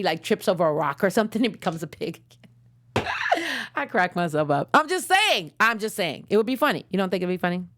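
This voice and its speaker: A young adult woman hosting a casual episode recap, slangy and digressive, laughing at her own jokes. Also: mid-range voice. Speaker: show host.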